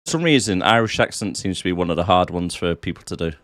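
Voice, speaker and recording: A man's voice: low-pitched, animated, quick pace, a bit bright, no room sound. A man co-hosting a film podcast, joking and swearing in casual banter. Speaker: podcast co-host. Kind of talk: casual chat.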